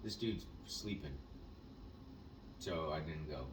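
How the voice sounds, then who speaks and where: Deep-voiced man telling an animated story. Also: slow pace. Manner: animated storyteller, acts out quotes, swears. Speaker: podcast co-host. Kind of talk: casual storytelling chat. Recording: echoey room, mic at a distance, faint noise.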